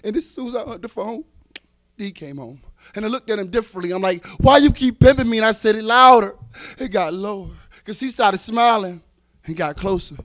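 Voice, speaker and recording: A man performing spoken-word poetry on a live slam stage, dramatic and swinging from hushed to loud. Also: sits high, no echo, studio quality. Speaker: slam poet.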